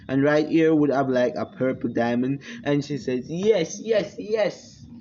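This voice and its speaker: A man's voice: medium pitch, fairly even intonation, normal speed, warm tone. A man casually narrating an improvised fan story at home, rambling with fillers and giggles. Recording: lo-fi with background noise.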